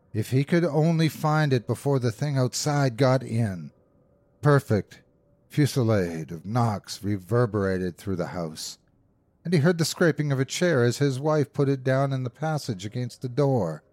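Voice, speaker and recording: A man hosting a horror podcast, narrating a classic ghost story in a measured, suspenseful way. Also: mid-range voice, a little mellow, dry recording.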